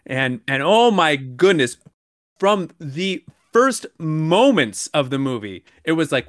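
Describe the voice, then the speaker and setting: A man's voice: fairly high pitch, slow, no room sound. A man in his thirties co-hosting a podcast, telling a story in casual chat and getting worked up as he goes. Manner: animated storytelling, gets worked up. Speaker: podcast co-host.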